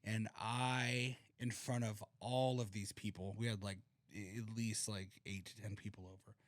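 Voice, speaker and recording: A man's voice: on the low side, flat delivery, moderate pace, dry recording. Brief: man, podcast co-host, loose storyteller who swears and laughs, dry close sound. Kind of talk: casual chat.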